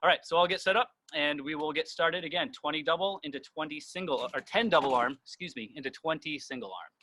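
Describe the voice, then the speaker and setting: Bright-voiced man coaching a workout. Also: fairly high pitch, quick pace. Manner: calm instructive, counts reps aloud. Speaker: swim coach. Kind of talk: guiding a live workout session.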